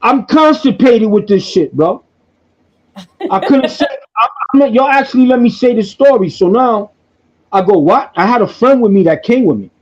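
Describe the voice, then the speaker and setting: A man hosting a podcast, telling a story in an excitable, profane way and repeating himself. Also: extremely high pitch, moderate pace, dull audio. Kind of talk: animated casual storytelling.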